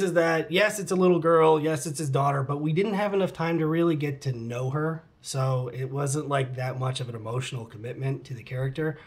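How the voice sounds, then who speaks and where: A man in middle age talks through viewer questions in a relaxed, candid vlog. His voice sits a little high, and he slips easily into mock-dramatic asides and offhand curses. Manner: laid-back and candid, swears casually, mock-dramatic asides. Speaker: vlogger answering fan questions. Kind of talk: casual chat, reading out comments.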